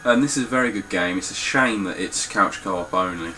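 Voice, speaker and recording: A man's voice: low voice, brisk, bright, forceful tone, a little hiss or hum, low-quality recording. A young man talking casually through his game collection, blunt and swearing freely. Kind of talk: casual spoken collection walkthrough.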